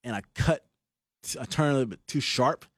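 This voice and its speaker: A man's voice: medium pitch, moderate pace, dry recording, clean studio sound. A young man in casual chat, telling a story with lots of fillers and laughs.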